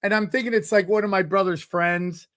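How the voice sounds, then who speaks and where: Speaking a little fast in a high-pitched voice, this upstate New York comic and podcaster spins a story, mixing animated narration with dry, deadpan remarks.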